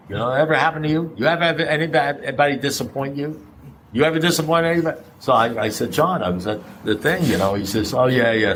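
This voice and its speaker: A man with a fairly low voice gives a blunt, conversational share at a recovery meeting. He keeps firing rhetorical questions at the room and swears now and then. A faint hiss of noise sits under the recording. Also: fairly bright tone, poor audio.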